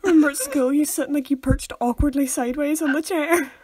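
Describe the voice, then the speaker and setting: Young female podcast co-host, high-pitched, chatty and teasing. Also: brisk, background noise. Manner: chatty, sets scenes and teases, laughing often. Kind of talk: casual chat.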